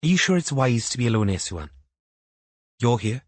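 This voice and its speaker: Man putting on a careful young cop woman, higher voice, asking gently, husky. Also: sing-song, a little fast, no echo. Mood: concerned. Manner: careful, questioning. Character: young policewoman, gently probing and concerned.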